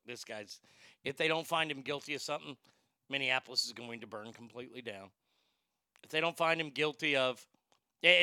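A podcast host talks bluntly and profanely in casual opinionated chat, wandering and starting sentences over. His pitch runs high for a man, with a fried, gravelly edge and a very bright, forceful sound. Recorded close and dry, with no room sound or echo.

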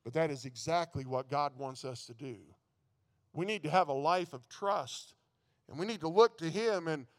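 A man's voice: on the high side, normal speed, long reverb tail. A man preaching a sermon in a folksy way, often stumbling over and repeating his words. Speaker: pastor.

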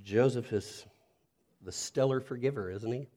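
A pastor delivers a sermon in a mid-range voice at a moderate pace, earnest and reflective. When he turns to address listeners directly, his tone drops to something soft and intimate.

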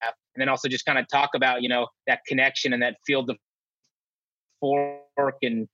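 A man's voice: mid-range voice, level tone, moderate pace, bright, forceful tone, faint music behind. A man hosting a casual podcast chat, easygoing and full of "you know" fillers. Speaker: podcast host. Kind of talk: casual conversation. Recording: dull dry lo-fi sound.

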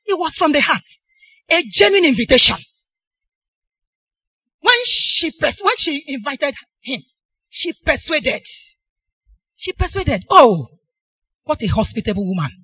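High, lively Nigerian woman preaching. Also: a little slow, pauses often, no echo, dull audio. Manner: emphatic, poses questions for the congregation to answer. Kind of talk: sermon.

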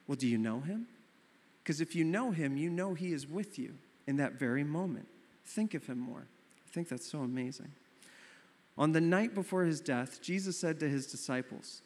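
A young adult man preaching a sermon as pastor, telling stories in an animated way and acting out his own surprise. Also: fairly high pitch, normal speed. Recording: long reverb of a hall.

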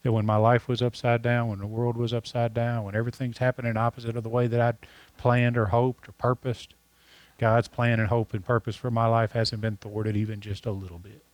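A man preaches in an earnest, repetitive style. He slows down to lean on key lines, with his voice at an ordinary middle pitch. The sound is dry and close, with little room around it. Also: flat delivery, dry recording. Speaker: pastor. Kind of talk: sermon.

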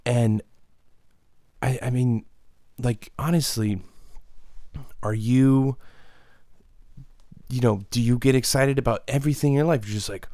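A man hosting a solo comedic podcast, rambling in a deadpan, profane way. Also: mid-range voice, measured pace, long pauses, no room sound, clean studio sound. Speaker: podcast host.

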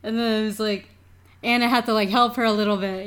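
A woman's voice: medium pitch, steady tone, fairly quick, fairly bright tone, low-quality recording. A woman co-hosting a casual chat, recapping a show, laughing often and acting out lines. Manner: giggly, often laughs and quotes characters. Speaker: podcast co-host.

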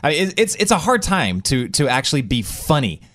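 Rambling man host, lively pitch. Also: fairly quick. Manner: hesitant, rambling questions. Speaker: radio host. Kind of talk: casual interview chat.

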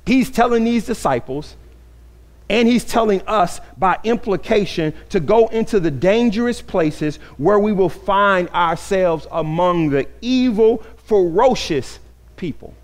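A man's voice: high voice, animated, unhurried. A man preaching a sermon as pastor, earnest and repeating phrases for emphasis. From grew up in an inner-city neighborhood.

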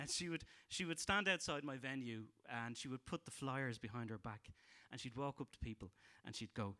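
A man's voice: mid-range voice, normal speed, bright, forceful tone. A man with a Dublin Irish accent performing a stand-up set, dry and hesitant with frequent ums and restarts. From Ireland. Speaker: stand-up comedian.

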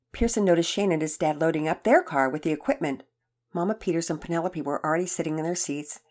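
A woman reading a children's storybook aloud as narrator, in a soft, even voice. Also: sits low.

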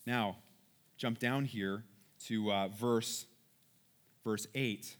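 A man's voice: fairly low pitch, steady tone, extremely slow. A man teaching from the Bible in a conversational way. He reads passages aloud, then comments on them casually and often checks in with his listeners.

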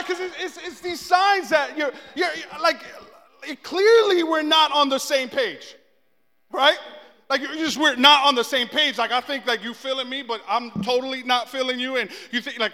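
Guy with a really high voice giving a jokey sermon, acts out the lines, big church echo. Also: normal speed. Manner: animated storytelling, acts out quotes. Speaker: preacher. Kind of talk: casual comedic sermon. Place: church sanctuary. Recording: long echo of a large hall.

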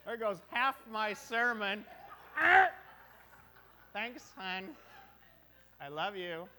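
Middle-aged guy preaching, slow and chatty, high bright voice, cracks jokes. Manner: conversational, joking, rhetorical questions. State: short on sleep. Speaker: pastor. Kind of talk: sermon.

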